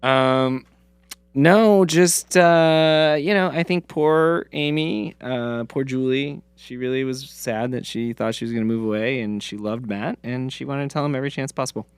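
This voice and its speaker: A man's voice: medium pitch, moderate pace, smooth, no echo. A man co-hosting a podcast in casual chat, opinionated and often laughing. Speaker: podcast co-host.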